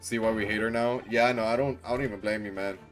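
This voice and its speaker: A man streaming a game, chatting casually, excitable and profane, laughing often. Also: lowish voice, quick pace. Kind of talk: casual gameplay commentary. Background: faint game music.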